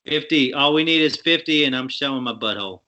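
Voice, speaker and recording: A man's voice: medium pitch, a little fast, pushed and bright, lo-fi sound. A man co-hosting a casual podcast, joking around and swearing freely. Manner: profane, joking banter. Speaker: podcast co-host.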